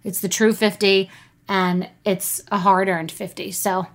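A woman's voice: medium pitch, level tone, measured pace. A woman hosts a podcast, speaking candidly and emotionally in short repeated statements. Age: 50s. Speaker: podcast host. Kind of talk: personal monologue and interview.

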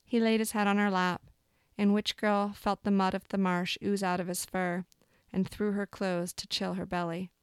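Lady reading a dark fairy tale out loud, calm and even, nice smooth voice. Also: mid-range voice, normal speed, dry recording, studio quality. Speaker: storyteller. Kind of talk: storytelling, reading a dark fable aloud.

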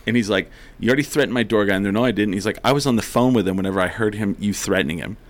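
A man with a fairly low voice tells a rowdy story in casual chat. He swears freely and laughs often, and he acts out the other people's lines as he goes. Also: very fast.

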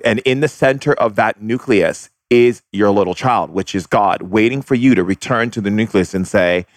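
A man speaking calmly, teaching about spirituality and leading the listener through a guided exercise. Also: on the low side, moderate pace, no room sound, studio quality. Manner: calm, instructive, leads guided exercises. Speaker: shaman guest. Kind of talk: spiritual guidance conversation.

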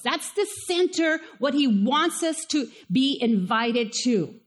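A woman pastor with a Spanish accent, preaching a sermon in a conversational, animated way and asking the listeners questions. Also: sits high, unhurried, few pauses. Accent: Spanish-accented English.

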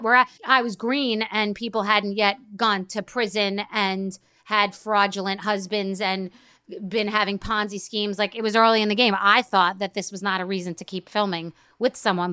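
Bright, clear-voiced woman telling a story. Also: medium pitch, no room sound, clean studio sound. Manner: rambling storyteller, acts out quotes. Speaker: podcast host. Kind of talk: casual chat.

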